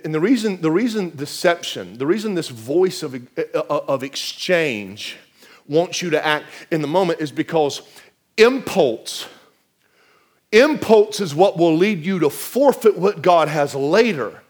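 A man preaching a sermon as pastor, repeating phrases and swinging between loud, emphatic lines and hushed asides. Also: a little high. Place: church.

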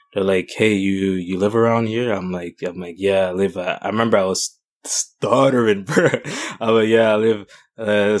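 A young man from Canada talks through a casual podcast discussion in a low, even voice that barely rises or falls. He stops and restarts often and leans on fillers as he works out his thoughts. His delivery stays unhurried and conversational. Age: young adult. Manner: halting, many restarts and fillers. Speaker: podcast co-host.

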